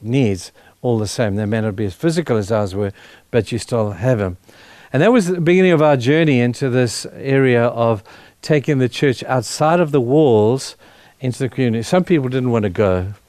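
A man's voice: mid-range voice, darkish tone, no room sound. A middle-aged man, a pastor, giving a sermon as a personal testimony, speaking earnestly and with feeling, often breaking off and restarting his sentences. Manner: earnest, emotional storytelling with halting restarts.

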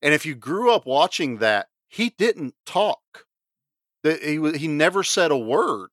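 A man in his forties co-hosting a movie podcast, talking in an animated, swooping voice that sits fairly high. His tone is bright and forward, recorded dry and close. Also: measured pace, no echo. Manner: animated, laughs easily. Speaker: podcast co-host. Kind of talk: casual chat about a movie.

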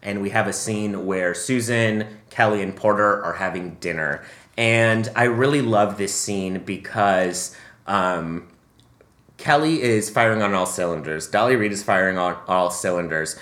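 A man's voice: lowish voice, unhurried, a bit bright. Chatty man with many ums, echoey room. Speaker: podcast co-host. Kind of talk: casual film review chat.

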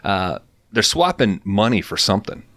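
A man's voice: lowish voice, moderate pace, no room sound. A man co-hosting a podcast, telling stories in casual, profane chat. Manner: profane, storytelling, animated quotes. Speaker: podcast co-host. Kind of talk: casual chat recapping a show.

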